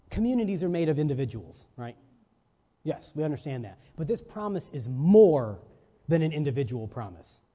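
A man's voice: high-pitched, dark tone. A man preaching a sermon, full of rhetorical questions and checks like "right?", stressing single words for emphasis. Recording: reverberant hall, dull lo-fi sound.

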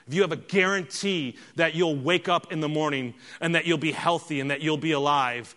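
A middle-aged man preaching a sermon, talking straight to the congregation with rhetorical questions and swings from hushed to loud. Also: on the high side, brisk, hardly any pauses. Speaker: pastor.

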